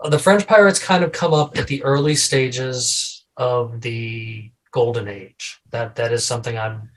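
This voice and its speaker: A man hosts a casual podcast, rambling loosely with repeated words, restarts and corny jokes. His medium-pitched voice moves a little slowly, and the recording is rough.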